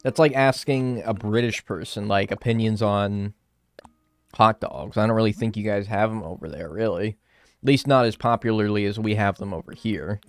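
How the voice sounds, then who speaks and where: A man's voice: fairly low pitch, moderate pace. A young American man streaming a game, chatting with his viewers in a playful, swearing, mock-arguing way. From United States. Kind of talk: casual chat while gaming, answering chat.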